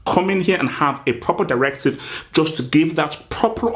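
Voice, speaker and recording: A man hosts a football show and rants through a mock team talk, speaking straight to the players. His pitch swings wildly as he stretches words out for emphasis. His voice sits a little higher than most men's. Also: expressive, normal speed, fairly bright tone. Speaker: football channel host. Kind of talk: comedic football pep-talk rant.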